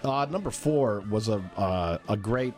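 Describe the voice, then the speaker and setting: Brief: lively man, low voice, swoops in pitch as he acts out lines, faint music under him. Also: a little slow. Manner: animated storyteller, acts out quotes. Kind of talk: casual podcast chat.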